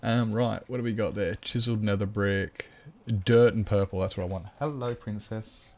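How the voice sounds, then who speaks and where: A man's voice: fairly low pitch, fairly even intonation, moderate pace, a little mellow. A man streaming a game live, chatting loosely with viewers and rambling to himself. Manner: rambling, chatty, greets viewers, talks to his cat. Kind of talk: casual live-stream chat.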